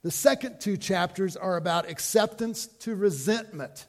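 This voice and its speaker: A man's voice: high-pitched, moderate pace, in a large hall. A man preaching a sermon as pastor, in a folksy, conversational way with rhetorical questions to the congregation.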